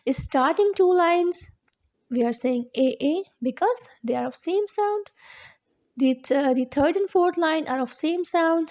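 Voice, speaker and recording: A woman teacher, explaining a lesson slowly step by step, often repeating herself. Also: sits high, mellow. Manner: slow, explaining step by step with repetitions. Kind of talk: classroom lesson on limericks.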